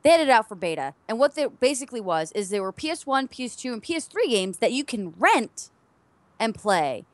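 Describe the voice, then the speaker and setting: A young adult woman co-hosting a casual gaming chat show, animated and given to loud exclamations. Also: a little high, a little fast, no echo. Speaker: podcast co-host.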